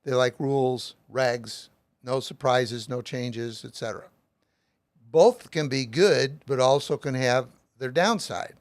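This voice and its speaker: A middle-aged man with a mid-range voice speaks slowly in a dry recording. As an author and guest, he explains his method emphatically, drawing on lots of everyday examples.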